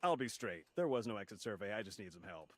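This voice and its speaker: A hearty, folksy helper in a video game, pushing a survey with salesy pep. His pitch leaps wildly from low to high. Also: big pitch swings, fast talker, no echo.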